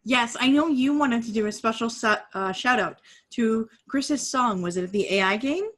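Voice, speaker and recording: A woman co-hosting a casual fan podcast, bubbly and quick to laugh. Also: on the high side, fairly bright tone. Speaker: podcast co-host.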